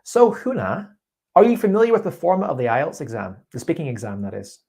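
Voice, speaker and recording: A man's voice: fairly high pitch, very animated, fairly quick, gravelly, darkish tone, husky. A man teaching an IELTS speaking class live online, giving a student encouraging tips over a video call. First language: English. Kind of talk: live online coaching session.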